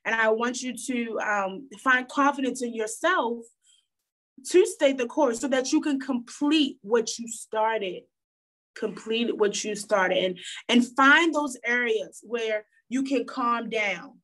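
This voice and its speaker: A woman's voice: fairly high pitch, takes it slowly, fairly bright tone. A young woman giving an earnest motivational talk with a preachy tone, repeating phrases for emphasis. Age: young adult. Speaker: guest speaker.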